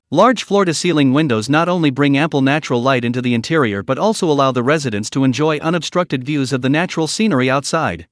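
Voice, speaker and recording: Lively, high-pitched male story narrator. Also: dry recording, clean studio sound. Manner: storytelling, expressive. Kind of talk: scripted narration.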